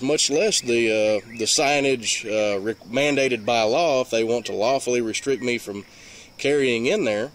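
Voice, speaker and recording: A man's voice: mid-range voice, normal speed, fairly bright tone. A man with a Mississippi Southern accent telling a long story in a rambling, folksy way with lots of fillers. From Mississippi, USA. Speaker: vlogger. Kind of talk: casual storytelling.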